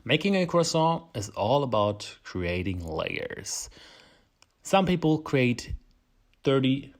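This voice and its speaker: A man's voice: mid-range voice, sing-song, takes it slowly. A man with a German accent, hosting a casual baking tutorial, chatty and self-deprecating, laughing often. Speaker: home baker, channel host.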